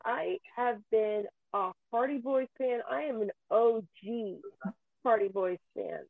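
A woman ranting with anger and deep feeling, swearing often, her voice near tears at times. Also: slow, creaky, dry recording. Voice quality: profane, heated, voice near tears. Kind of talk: angry emotional rant. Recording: tinny phone-like sound.

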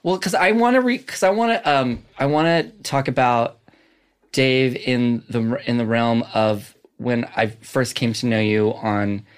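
A man in his forties chatting as a guest, telling stories in an excitable, rambling way full of restarts. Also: medium pitch, a little slow, smooth. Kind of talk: casual podcast chat.

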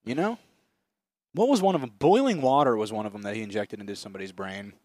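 Young male comedy podcaster, animated and profane, on a dry close mic. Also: on the low side, fast talker, dry recording. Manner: profane, animated, slips into mocking impressions. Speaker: podcast co-host. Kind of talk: casual comedic chat.

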